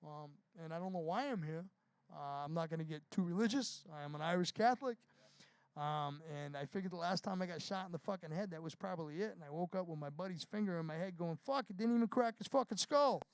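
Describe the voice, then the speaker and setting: A man's voice: on the high side, quick pace, smooth, no room sound. A man, a band frontman, talking casually and profanely in an interview, rambling through stories. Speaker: touring band frontman, guest.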